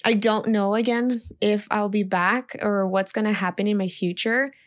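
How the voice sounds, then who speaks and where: A young woman talks straight to the camera in a loose, chatty vlog. She recounts her last day as a teacher and peppers her speech with "like". Her voice sits at an ordinary pitch for a woman. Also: fairly even intonation, normal speed. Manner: chatty, heavy use of "like", emotional retelling. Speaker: teacher leaving her job. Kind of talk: casual storytelling vlog.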